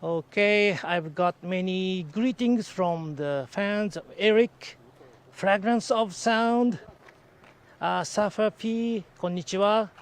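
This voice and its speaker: A man guiding a live-streamed walking tour outdoors by a lake. He speaks haltingly with many fillers, and sounds excited when greeting viewers. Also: high-pitched. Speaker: live virtual tour guide.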